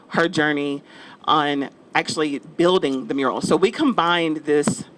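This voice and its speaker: A man's voice: fairly high pitch, fairly bright tone, rough recording. A man giving a chatty, playful speech at an outdoor mural dedication, upbeat and joking with the crowd.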